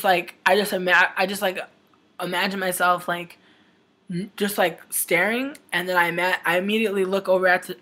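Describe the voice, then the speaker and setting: A young woman with a slightly low voice tells a story to camera. Her talk is loose and rambling, packed with "like" and casual swearing. She sounds shaken as she retells it. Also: sharp tone. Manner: rambling, heavy on "like" fillers and swearing; emotional retelling, upset. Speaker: vlogger.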